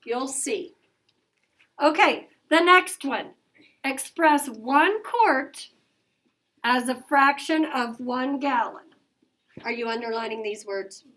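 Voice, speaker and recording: A middle-aged woman teaching a math lesson to her class, brisk and coaxing, asking questions as she goes. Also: sits high, fairly bright tone. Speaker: elementary school teacher.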